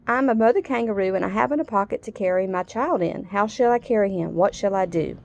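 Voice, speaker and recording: A woman's voice: medium pitch, quick pace, gravelly, muffled recording, lightly acted. A woman voicing a sad, anxious mother kangaroo in a storybook reading, in a fretful, pleading manner.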